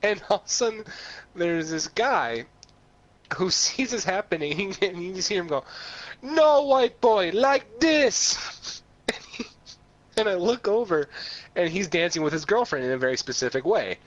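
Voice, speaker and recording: A man's voice: high-pitched, moderate pace, highs cut off. A man co-hosting a podcast, telling funny stories in casual chat and laughing often between lines. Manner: animated storyteller, laughs often, does voices in quotes. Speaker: podcast co-host.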